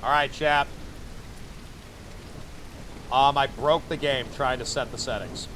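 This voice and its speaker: This VTuber talks slowly in a mid-range voice with fairly even intonation, over a noisy background. He jokes and chats with viewers during a game stream, often talking to himself as he plays.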